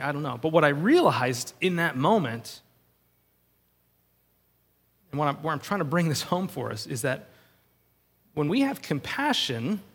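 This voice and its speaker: A man's voice: a little high, fairly bright tone, in a large hall. A middle-aged man preaching a sermon in a conversational, storytelling way, acting out the voices he quotes. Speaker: pastor.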